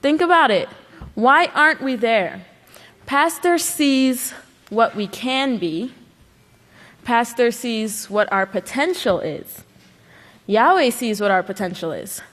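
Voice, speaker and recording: A woman's voice: on the high side, expressive, takes it slowly, long pauses, fairly bright tone. Woman preaching in a reverberant hall. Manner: earnest, exhorting with rhetorical questions. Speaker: speaker at a religious service. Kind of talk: sermon. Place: large worship hall.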